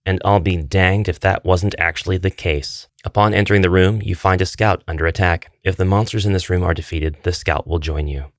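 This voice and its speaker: A man's voice: sits low, fairly even intonation, a little fast, hardly any pauses, dry recording, studio quality. A middle-aged man chatting casually through a board game quest, joking with dad jokes as he goes. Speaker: board game channel host.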